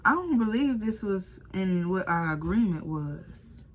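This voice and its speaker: A young woman telling a storytime to viewers in a casual, animated way, calling them y'all and acting out what others said. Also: mid-range voice, a little slow. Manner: animated, addresses viewers as y'all, acts out quotes.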